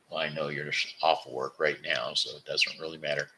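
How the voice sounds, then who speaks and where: A man's voice: very deep voice, little pitch movement, a little fast, bright, forceful tone, low-quality recording. A man from Missouri reading a children's book aloud, stumbling now and then and correcting himself. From Missouri, USA.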